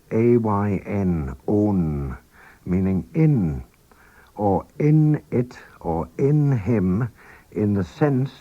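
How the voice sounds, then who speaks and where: Male radio teacher, slow and patient, mellow low voice, dull old studio recording. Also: breathy edge. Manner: slow, patient explaining with repeated example phrases. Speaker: language teacher. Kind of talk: radio language lesson.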